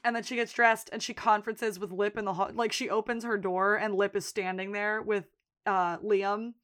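This podcast co-host, a woman with a medium-pitched voice, goes over a TV episode at a normal speed. Her chat is casual and full of lively storytelling as she acts out lines from the characters and laughs frequently.

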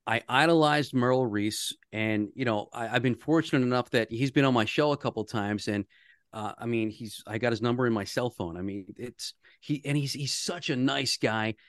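A radio man from the Philadelphia area talks through a story in an earnest, conversational way, often restarting his sentences. His voice sits at an ordinary middle pitch, and the sound is dry and close. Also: moderate pace, no room sound. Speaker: radio host, guest. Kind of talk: casual podcast chat.

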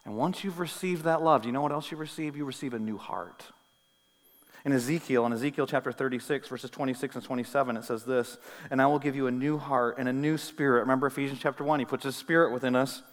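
Male pastor, mid-pitched, animated sermon delivery with quiet and booming passages, long church reverb. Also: fast. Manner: animated preaching, swinging from soft to loud; conversational, with asides and light humor. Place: church sanctuary.

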